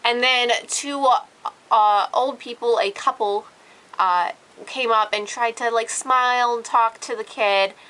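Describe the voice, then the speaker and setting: Brief: late-teen woman vlogger, annoyed casual rant, sarcastic edge, bright tone. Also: fairly high pitch, unhurried, low-quality recording. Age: late teens. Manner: irritated, sarcastic, heavy filler "like".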